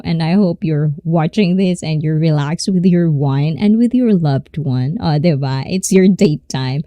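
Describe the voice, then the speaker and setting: A woman in her thirties with a Filipino accent, chatting on a live stream with a lot of giggling. Her voice is lowish and mellow, and her pitch swings widely as she drifts between Tagalog and English. She talks at an unhurried pace in a dry, close sound. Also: no echo. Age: 30s. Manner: giggly, mixing Tagalog and English while reading chat. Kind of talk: casual live-stream chat.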